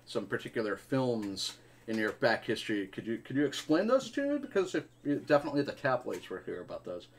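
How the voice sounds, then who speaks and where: A man hosting a board game stream, playfully interviewing players in a mock-formal way and repeating words in quick bursts. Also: medium pitch, big pitch swings.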